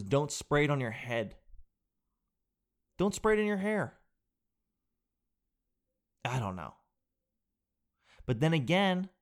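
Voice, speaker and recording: A young man hosting a casual comic monologue, riffing with disbelief and slipping into quick mock voices of the people he talks about. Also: medium pitch. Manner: riffing, incredulous, drops into mock quotes. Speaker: host.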